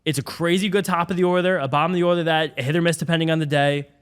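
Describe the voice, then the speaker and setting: A man's voice: a little high, smooth. A young man co-hosting a casual sports podcast, rambling through team breakdowns. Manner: fast, rambling, animated baseball talk. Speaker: podcast co-host.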